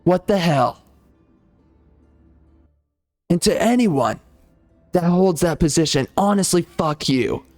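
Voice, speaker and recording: A man's voice: fairly high pitch, animated, slow, long pauses, darkish tone, faint music behind. A man ranting heatedly over gameplay, swearing and repeating himself as he argues. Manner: heated, profane, repetitive ranting. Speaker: gaming channel host.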